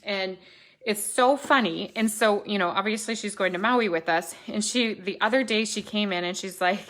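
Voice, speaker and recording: A woman's voice: medium pitch, moderate pace, fairly bright tone. Chatty woman demonstrating crafts. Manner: chatty, thinks aloud and corrects herself. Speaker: stamping demonstrator.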